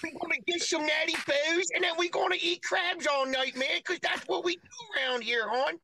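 A man's voice: extremely high pitch, normal speed, sharp tone, a little hiss or hum, pitched above the performer's own voice, heavily acted. A man putting on a brash Baltimore local with a drawling Baltimore accent, calling people "hon". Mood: boisterous. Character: loud local Baltimore man talking about crabs and beer.

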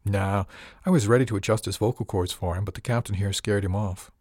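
A man's voice: fairly low pitch, fairly even intonation, brisk, darkish tone, dry recording, studio quality, close to an everyday voice. A man voicing a tough, blunt woman on a ship's crew who talks casually and defiantly in an audiobook reading. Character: tough, blunt female crew member, unafraid to fight.

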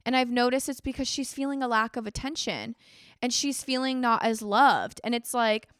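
A woman's voice: on the high side, steady tone, normal speed, fairly bright tone, dry recording, studio quality. A woman hosting a podcast, talking earnestly in a rambling personal monologue, full of "like" and restarts. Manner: earnest, rambling, heavy use of "like". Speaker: podcast host.

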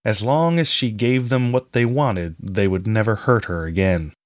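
Low-voiced man narrating a fantasy tale. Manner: measured storytelling, reading all parts himself. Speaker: audiobook narrator.

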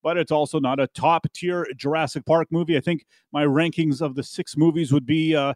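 A man giving a casual movie review, relaxed and thinking aloud. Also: fairly high pitch, normal speed, no echo.

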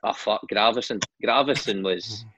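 A Scottish man in his forties, a former footballer, telling animated anecdotes on a podcast with laughs and swearing. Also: on the low side, normal speed, slightly rough, no echo. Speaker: guest, former footballer and manager. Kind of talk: casual storytelling chat.

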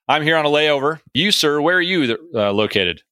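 A man's voice: on the high side, expressive, normal speed, pushed and bright, no echo. An American man hosting a podcast interview, chatty and self-deprecating, with lots of fillers. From United States. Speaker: podcast host. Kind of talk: casual interview chat.

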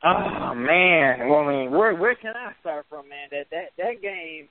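Excited high-voiced man on a tinny line. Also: unhurried, dry recording. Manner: excited, animated storytelling with laughter. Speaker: podcast co-host. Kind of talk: casual sports chat. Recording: tinny phone-like sound.

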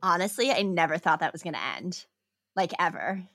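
A woman's voice: on the low side, brisk, fairly bright tone, no echo, clean studio sound. A woman co-hosting a true crime podcast, reacting casually to the story as it is told. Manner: reactive, exclaiming listener. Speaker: podcast co-host.

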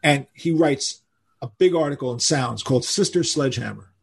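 An older man, telling animated stories as a guest in a podcast interview and acting out the people he quotes. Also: mid-range voice, moderate pace, creaky, breathy edge. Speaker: guest musician.

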